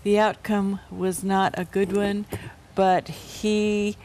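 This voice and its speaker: A woman's voice: medium pitch, flat delivery, takes it slowly, darkish tone, a little hiss or hum. Older woman hosting a Bible panel. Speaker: host. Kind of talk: Bible study panel discussion.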